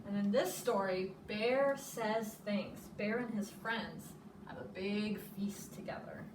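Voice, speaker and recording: A woman's voice: mid-range voice, slow pace. A woman preschool teacher reading a picture book aloud to children, explaining words as she goes. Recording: echoey room, from a distance, noisy.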